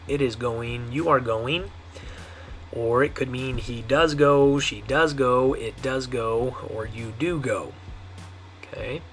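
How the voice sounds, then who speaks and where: Man, patient teacher, repeats words slowly, medium pitch, soft music behind. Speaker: Spanish teacher. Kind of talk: language lesson.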